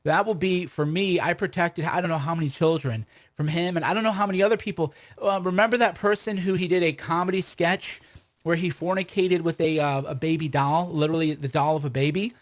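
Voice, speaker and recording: Combative man with a slightly high voice. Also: steady tone, brisk. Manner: combative, rhetorical questions, frequent restarts. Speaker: commentator and host of his own stream. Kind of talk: livestream commentary monologue.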